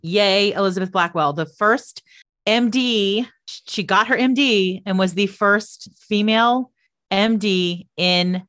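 A woman's voice: mid-range voice, slow, a bit bright. A woman co-hosting a podcast, telling a history story in a playful, teasing way with frequent laughs. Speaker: podcast co-host. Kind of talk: casual chat, storytelling.

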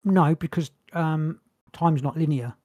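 A man's voice: on the high side, fairly even intonation, normal speed, a little mellow, no room sound. A man co-hosting a podcast in casual chat, joking around. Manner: jokey, breaks into silly singing. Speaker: podcast co-host.

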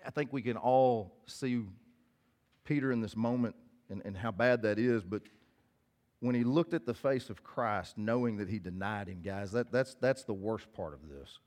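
A man's voice: lowish voice, moderate pace, darkish tone. A male pastor giving a casual, direct sermon, reading scripture aloud and then explaining it to listeners. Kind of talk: conversational sermon.

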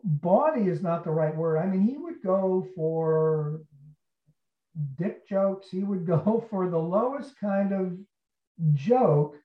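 A male actor and interview guest telling an anecdote in a lively way, acting out the people in it. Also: high voice, slow. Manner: animated, acts out quotes. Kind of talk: storytelling in an interview. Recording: roomy, distant, dull sound.

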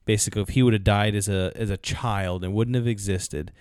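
A man's voice: lowish voice, steady tone, a little fast, darkish tone, clean tone, dry recording, studio quality. A man co-hosting a podcast, casually retelling a film's story with fillers. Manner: storytelling, retelling films with acted quotes. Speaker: podcast co-host. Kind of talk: casual chat.

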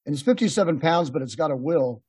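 A man's voice: a little high, lively intonation, quick pace, a little mellow, slightly rough, no room sound. A man hosting a podcast, telling rambling, laughing anecdotes in a casual chat with many restarts. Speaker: podcast host. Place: podcast room.

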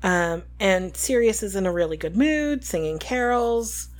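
A woman's voice: mid-range voice, animated, measured pace. A woman co-hosting a podcast, casually recapping a book chapter with lots of ums. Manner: retells scenes with filler ums and quoted lines. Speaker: podcast co-host.

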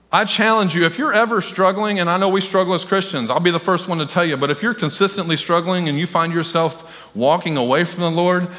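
An excitable male pastor with a high, bright voice delivers a sermon to his congregation. He calls on people in the pews and keeps getting carried away. The sound rings with the long reverb of a church hall. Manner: excitable, talks directly to the congregation. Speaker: senior pastor. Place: church sanctuary.

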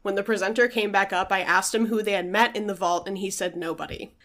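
A woman's voice: mid-range voice, steady tone, quick pace, a bit bright. A woman co-hosting a podcast, casually telling a ghost story with lots of fillers. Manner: chatty, uses many fillers, reads out quotes. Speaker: podcast co-host.

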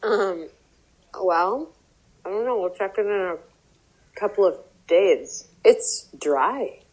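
A woman's voice: mid-range voice, takes it slowly, slightly rough, low-quality recording. A young woman, a professional baker, chatting casually with many fillers while tasting a cake. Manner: rambling, many fillers, lively.

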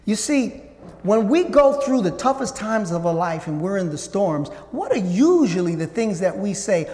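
A man preaching a sermon and teaching from the Bible, talking to listeners as guys and swinging between loud and hushed. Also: high voice, big pitch swings, normal speed. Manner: conversational, addresses listeners as guys. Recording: long hall reverb.

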